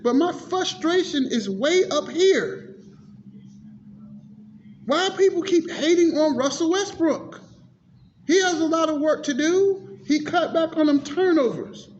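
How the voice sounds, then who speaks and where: A man vlogging a frustrated, cursing rant about sports, repeating himself as he complains. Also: very high voice. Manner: frustrated, cursing, repetitive ranting. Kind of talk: ranting sports commentary. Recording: dull lo-fi audio with faint noise.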